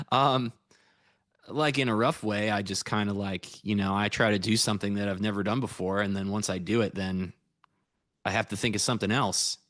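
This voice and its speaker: A man's voice: fairly low pitch, fairly even intonation, moderate pace, a bit bright, no echo, clean studio sound. An American man reviewing his trades on a casual livestream, rambling and easygoing as he chats with viewers. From United States. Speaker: futures trader streaming live.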